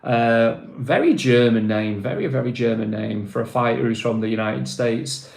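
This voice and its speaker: A man's voice: medium pitch, normal speed, vocal fry, darkish tone. Rambling Mancunian man in a roomy space. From Manchester, England. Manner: rambling, filler-heavy, calls viewers mate. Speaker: live-stream host. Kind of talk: casual live-stream chat.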